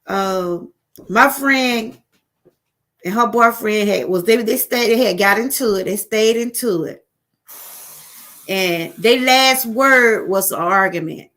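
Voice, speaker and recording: A woman's voice: a little high, slow pace, fairly bright tone. Southern woman chatting on a live stream. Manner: rambling, repetitive, addresses viewers as y'all. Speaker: livestream host. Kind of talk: casual live-stream chat.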